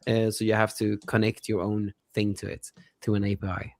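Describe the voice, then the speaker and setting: A young man chatting on a podcast who rambles excitedly, laughs often and keeps losing track of names. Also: fairly low pitch, a little fast, dry recording. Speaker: podcast co-host, app developer. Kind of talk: casual podcast chat.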